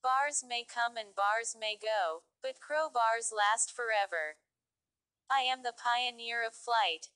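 A woman's voice: fairly high pitch, slow, sharp tone, clean tone. A woman voicing a proud, self-important male crow in a storybook fable. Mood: boastful. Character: boastful arrogant male crow.

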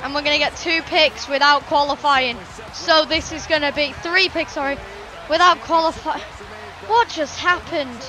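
A woman giving excitable play-by-play commentary on a wrestling video game, shouting and gasping at big moments and rambling between. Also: high voice, normal speed, poor audio.

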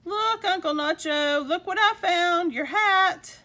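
A woman's voice: a little high, very animated, unhurried, fairly bright tone, exaggerated voice. A woman voicing a caring, eager young woman in a storybook read-aloud.

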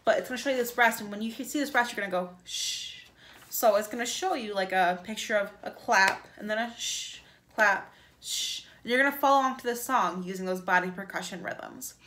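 A woman's voice: mid-range voice, a little fast, pushed and bright. A woman music teacher giving an upbeat virtual lesson to young children, chanting rhythms for them to repeat.

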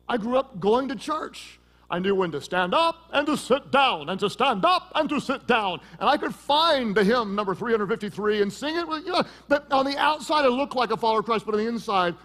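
A man preaching a sermon as pastor, swinging from loud emphasis to hushed intensity and telling stories with quick asides. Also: high-pitched, big-room sound.

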